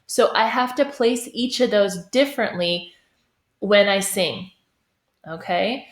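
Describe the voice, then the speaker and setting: Choir teacher, woman, unhurried explainer, checks in often, roomy echo. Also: mid-range voice. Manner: demonstrates sung phrases, checks in with "okay?". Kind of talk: singing lesson. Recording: echoey room.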